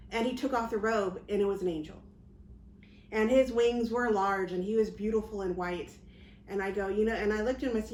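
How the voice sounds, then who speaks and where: A woman's voice: medium pitch, moderate pace. A woman psychic medium telling a personal story in a casual, rambling way, full of fillers and restarts. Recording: roomy, faint background noise.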